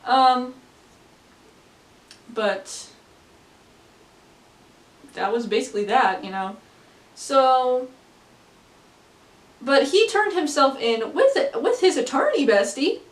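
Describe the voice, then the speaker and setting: Casting: teen girl vlogger, slightly high voice, rambling and giggly, recorded far from the mic in a roomy space. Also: expressive, takes it slowly, long pauses. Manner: rambling, many fillers, laughs often. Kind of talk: casual storytelling to camera. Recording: echoey room, distant from mic.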